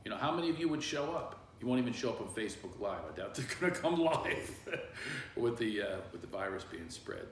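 A man's voice: medium pitch, big pitch swings, fairly quick. Middle-aged philly guy rambling through stories on a live stream, laughs a lot, kinda echoey office, faint hum behind. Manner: chatty and rambling, laughs often. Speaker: comedian and coach hosting a livestream. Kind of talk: casual storytelling on a livestream. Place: small office.

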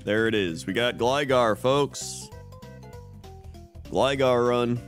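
A man's voice: mid-range voice, takes it slowly, faint music behind. A male streamer giving laid-back, wry live commentary on his own game play.

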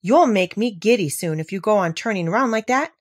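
A woman's voice: medium pitch, animated, brisk, no echo, clean studio sound, close to an everyday voice. A woman reading a storybook aloud, voicing an old female sheep who keeps a shop and speaks bluntly and matter-of-factly.

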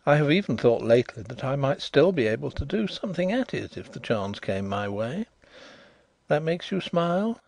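A man voicing a calm, genial blind gentleman detective who speaks suavely and placidly in an audiobook. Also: mid-range voice, moderate pace, gravelly, no room sound, pitched above the performer's own voice.

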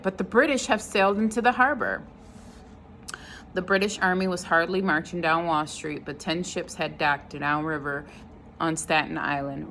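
Woman reader, low voice, steady read-aloud of a novel. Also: slight background noise, poor audio. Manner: unhurried, stops to comment on the story.

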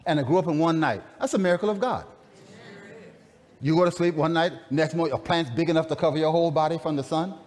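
A man's voice: on the high side, a little mellow. A man preaching a sermon in a dramatic, conversational way, calling out to his congregation. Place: large camp meeting hall. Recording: long reverb of a large hall.

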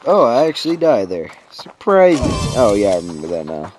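Slow, laid-back male gamer. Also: fairly low pitch. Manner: laid-back, sardonic, swears casually. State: sick. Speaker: gaming commentator. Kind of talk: casual commentary over gameplay footage. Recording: game gunfire behind voice.

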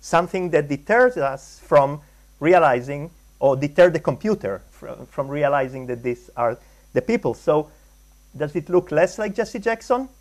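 A man's voice: a little high, lively intonation, moderate pace. A man from Israel lecturing at a conference, hesitant, with many ums and restarts. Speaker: guest lecturer, artist. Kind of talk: conference talk on caricature. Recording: live lecture hall talk.

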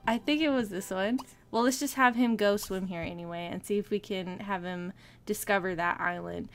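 A woman casually commenting on her gameplay as a let's play host, excitable and chatty, often laughing and gasping and talking to her game characters. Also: medium pitch.

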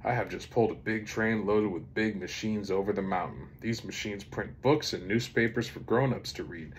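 A man's voice: on the low side, a little hiss or hum, lightly acted. A man voicing a boastful, self-important big male freight engine in a storybook. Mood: haughty. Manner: pompous, fast and emphatic.

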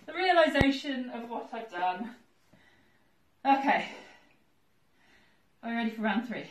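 A woman's voice: a little high, expressive, measured pace. A woman vlogging her workout, out of breath, laughing nervously as she counts her reps. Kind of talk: casual workout vlog. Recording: roomy echo, voice a little far from the mic.

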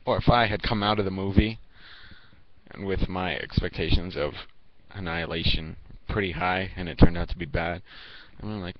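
A teenage boy talking casually to the camera as a video reviewer, rambling and halting, with lots of fillers and restarts. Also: low-pitched, fairly even intonation, background noise. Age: teens. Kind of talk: casual vlog talk to camera. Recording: dull lo-fi home recording.

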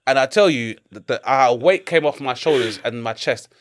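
A man's voice: medium pitch, moderate pace. A man in his forties with a London accent, a comedian telling stories in a casual interview, laughing often and swearing freely. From London, England. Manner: animated, laughing storyteller who swears often. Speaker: comedian guest.

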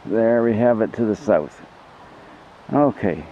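A man's voice: on the low side, animated. Man chatting outdoors on a dull lo-fi camera mic. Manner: chatty, unhurried, talks to camera while working. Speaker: outdoor vlogger. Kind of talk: casual outdoor narration. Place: outdoors in the woods. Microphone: camera mic on a small tripod. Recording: dull lo-fi outdoor recording with clear background noise.

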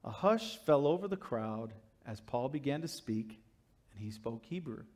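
A male pastor preaching a sermon and telling a story, acting out the crowd and characters in quick asides. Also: expressive. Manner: swings from loud emphasis to quiet low asides.

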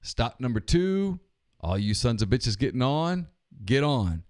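A man voicing a little boy who plays train conductor in a joke, calling out stops slowly. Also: mid-range voice, big pitch swings, darkish tone. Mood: announcing. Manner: slow, drawn-out announcer calls.

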